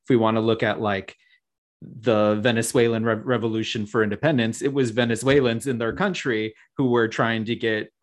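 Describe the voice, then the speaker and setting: A man talking as a guest in a casual spiritual chat, halting and full of restarts. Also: medium pitch, fairly even intonation. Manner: halting, many fillers and restarts.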